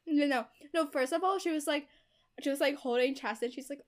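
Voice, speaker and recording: A young woman recapping a book to a friend in easy, rambling chat, her voice sitting a little high. She scatters "like" through every sentence and slips into the characters' voices when she quotes them. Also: fairly quick. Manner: chatty, heavy use of "like" as filler; acts out characters' quoted lines. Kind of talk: casual chat retelling a novel's plot.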